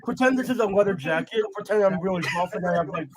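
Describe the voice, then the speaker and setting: A man chatting on a casual livestream, excitable and hurried, repeating himself as he talks. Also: high voice, a crowd in the background, low-quality recording. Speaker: guest artist.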